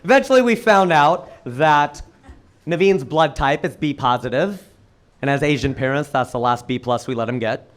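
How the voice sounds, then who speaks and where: A middle-aged man performing a stand-up comedy set on a club stage, with an animated, punchy delivery. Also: normal speed. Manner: animated, punchy delivery with sudden jumps in pitch.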